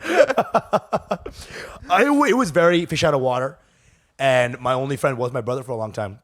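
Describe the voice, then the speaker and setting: A man's voice: mid-range voice, animated, normal speed. A man co-hosting a comedy podcast, telling crude stories in a rambling, restart-filled way. He grew up in Texas. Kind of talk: casual comedic podcast banter.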